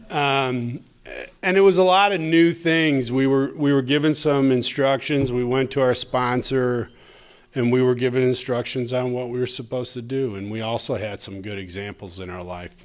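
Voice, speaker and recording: A man's voice: medium pitch, measured pace, pauses often. A man speaking at a recovery meeting, sharing his story in a conversational, humorous way that turns tender. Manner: conversational, humorous, gets emotional. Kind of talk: personal recovery talk. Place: meeting room, live audience.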